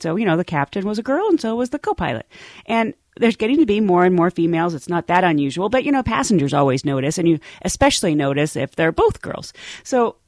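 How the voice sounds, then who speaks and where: A woman who works as a flight attendant, telling funny work stories in a casual, animated way and laughing often. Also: lowish voice, no echo.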